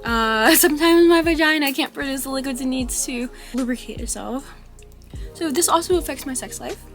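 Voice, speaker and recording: Candid young woman vlogging, music behind. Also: sits high. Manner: candid, halting, with frequent fillers and soft laughs. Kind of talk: personal vlog about chronic illness.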